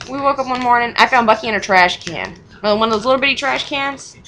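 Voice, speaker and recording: A woman's voice: a little high, bright, forceful tone, a little hiss or hum, rough recording. A young mother telling a personal story in casual chat, rambling and frank, with swearing and short laughs.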